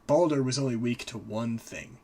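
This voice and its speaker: A man's voice: mid-range voice, mellow. Casual man retelling myths. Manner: retells myths loosely, acting out quick character voices. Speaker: host. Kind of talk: casual storytelling.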